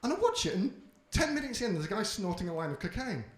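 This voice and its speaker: On a club stage, a British man performs stand-up, brash and swearing as he tells his stories with animation. His voice is high-pitched and quick, and the room gives off a roomy club echo.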